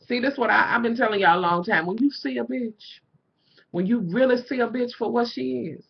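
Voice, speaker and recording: A woman's voice: a little high, a little fast, vocal fry, breathy edge, highs cut off. A middle-aged woman vlogging, ranting candidly to her viewers, swearing freely and saying "you know" often. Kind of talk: casual rant to viewers.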